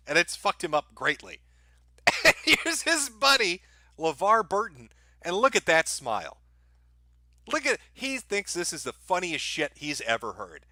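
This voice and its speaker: A man's voice: fairly high pitch, pushed and bright, no echo. A man live-streaming crude, sarcastic commentary over an audiobook, mocking it and laughing often.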